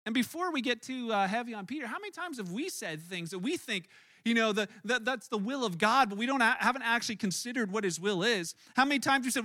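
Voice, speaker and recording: A man preaches in a high, bright voice that carries a lot of edge. His delivery is animated and conversational, and he often stumbles over and repeats words as he tells the story. The recording is close and dry, with no room sound at all. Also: quick pace, no room sound. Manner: animated storytelling with frequent word repeats and restarts. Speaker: pastor. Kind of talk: sermon.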